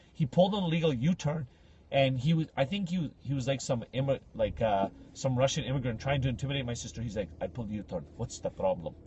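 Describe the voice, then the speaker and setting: A man's voice: mid-range voice, husky. A young man co-hosting a podcast, telling a story in casual chat and acting out the voices of the people in it. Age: young adult. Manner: animated, acts out voices in his stories. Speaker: podcast co-host.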